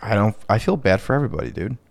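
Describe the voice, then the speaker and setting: A man's voice: lowish voice, expressive, racing, creaky, a little mellow, no room sound. A man from Chicago co-hosting a podcast, chatting casually in a crude, rambling, joking way. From Chicago, USA. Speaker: podcast co-host. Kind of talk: casual chat.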